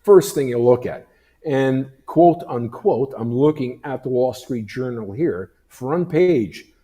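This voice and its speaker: A man's voice: medium pitch, expressive, slow, mellow. A man giving heated, emphatic opinions on a talk show, often stumbling over fillers as he searches for words. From Canada. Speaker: guest commentator.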